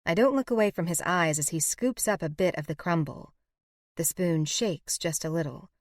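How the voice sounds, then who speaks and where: A woman narrating a first-person romance audiobook in an intimate, even storytelling manner on a close mic. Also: lowish voice, normal speed, no echo.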